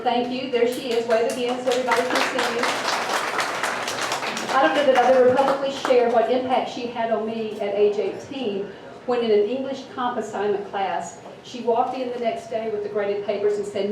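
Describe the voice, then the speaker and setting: A woman in her fifties with a deep Southern accent, telling a story on stage in a formal, earnest way. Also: fairly quick, darkish tone. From Mississippi. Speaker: storytelling contestant. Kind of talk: live storytelling. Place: event hall with audience. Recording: echoey hall, distant mic, noisy.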